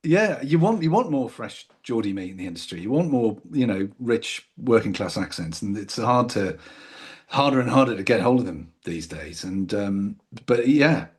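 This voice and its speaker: A middle-aged man from Newcastle, England, speaking in received pronunciation as an actor guest, relaxed and self-mocking with frequent laughs. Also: fairly low pitch, normal speed, breathy edge. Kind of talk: casual chat.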